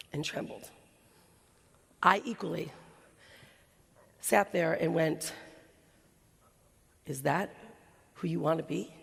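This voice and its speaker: Gravelly woman telling a story on stage. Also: fairly low pitch. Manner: animated, acts out quoted voices. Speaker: keynote speaker. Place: large hall before an audience. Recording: hall reverb, live stage recording.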